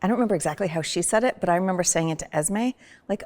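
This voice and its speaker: A woman chatting on a podcast, telling personal stories in an animated way with sudden loud vocal bursts. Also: on the low side, racing. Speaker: podcast guest, host's wife. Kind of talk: casual personal conversation.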